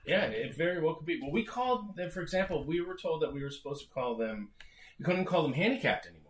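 A man's voice: fairly high pitch, animated, fast talker. A middle-aged man co-hosting a podcast, explaining at length and often restarting his phrases. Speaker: podcast co-host. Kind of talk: casual discussion. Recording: roomy echo.

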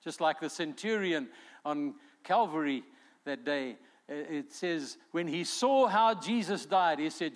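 A man's voice: on the high side, expressive, measured pace. A male pastor preaching a sermon in an earnest way, acting out quotes as he goes.

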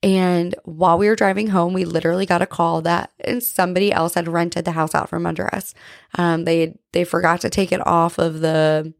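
Low, gravelly-voiced woman hosting a faith podcast. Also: level tone, normal speed, dry recording, studio quality. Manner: chatty, peppered with "like" and "right?"; earnest, confessional. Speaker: podcast host. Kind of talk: casual faith talk.

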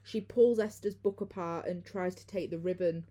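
A woman's voice: on the low side, fairly even intonation, normal speed, warm tone. A young woman hosting a podcast, recapping a film in a chatty way and laughing easily. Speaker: podcast host. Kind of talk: casual film recap chat.

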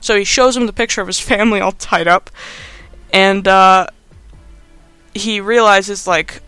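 A man's voice: sits high, steady tone, a little slow, pauses often, sharp tone, clear, resonant tone, no echo, soft background music. A young man recapping a movie in a casual, rambling, sarcastic way, laughing as he talks. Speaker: podcast host.

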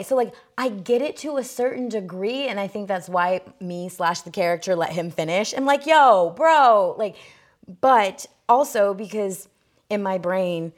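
A woman's voice: mid-range voice, a little mellow. A woman co-hosting a podcast in casual chat. She rambles, fills her talk with "like" and "I mean", and swears casually. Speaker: podcast co-host.

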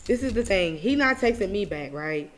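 A young woman hosting a podcast, venting in casual chat, animated and profane, swinging from loud outbursts to low muttering. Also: normal speed, background noise. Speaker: podcast host.

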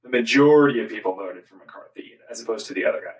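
A man's voice: lowish voice, lively intonation, fast talker. A man co-hosting a podcast, chiming in with short remarks and agreement in casual discussion. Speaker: podcast co-host. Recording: voice a bit distant from the mic.

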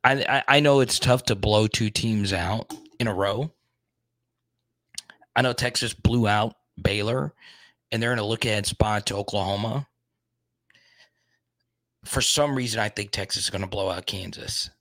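A man's voice: on the low side, moderate pace, long pauses, fairly bright tone, dry recording. A young adult man hosting a casual sports talk show, rambling and thinking aloud, openly frustrated.

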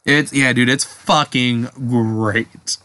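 A man's voice: mid-range voice, fairly even intonation, slow, bright, forceful tone, dry recording. A young man co-hosting a podcast at home, rambling and swearing as he retells a show and acts out the scenes in voices. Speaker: podcast co-host. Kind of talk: casual chat.

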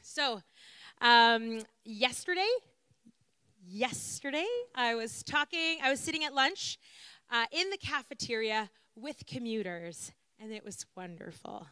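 A woman's voice: fairly high pitch, lively intonation, a little slow, bright, forceful tone, clear, resonant tone, dry recording. A woman giving an earnest, reflective sermon-style talk, building her points through repeated lists.

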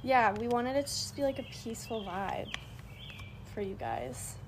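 Upbeat young woman, slightly high voice. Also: sing-song, normal speed, background noise. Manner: giggly, upbeat and chatty. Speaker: podcast co-host. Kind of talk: casual chat. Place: outdoors. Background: birds chirping.

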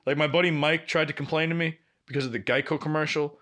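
On a podcast he co-hosts, a young man with a higher-pitched voice speaks fast while sharing stories casually. He performs the quotes with animation and curses freely.

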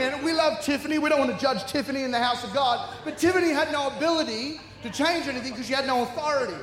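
A man's voice: very high-pitched, fast, hardly any pauses, background noise. A middle-aged man preaching a humorous sermon, acting out the voices in his stories. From Australia. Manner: animated storytelling, acting out voices. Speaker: guest preacher. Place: large church hall. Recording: echoey hall, long reverb.

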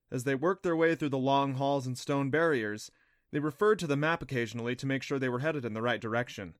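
A man narrating a children's adventure audiobook in a steady, clear storytelling voice. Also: medium pitch, no echo, clean studio sound. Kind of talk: scripted narration.

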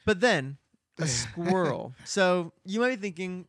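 A man's voice: high-pitched, big pitch swings, measured pace, a bit bright, no room sound, studio quality. Playful man chiming in casually. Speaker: podcast co-host. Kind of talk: casual chat.

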